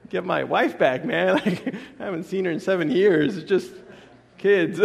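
A man preaching a casual sermon as a pastor, animated, acting out voices and laughing often. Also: sits high, measured pace, gravelly. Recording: long echo of a large hall.

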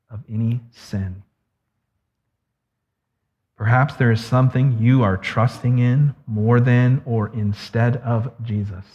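An earnest male pastor preaching a sermon in a church sanctuary, leaning on key words by slowing right down. His mid-pitched voice carries a long hall reverb, and the recording sounds slightly dull and lo-fi. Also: darkish tone.

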